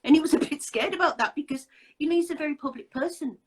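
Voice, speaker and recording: A woman's voice: high-pitched, quick pace, low-quality recording. A woman hosting a casual interview chat, talking in an indignant, emphatic way with many rhetorical questions. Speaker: host.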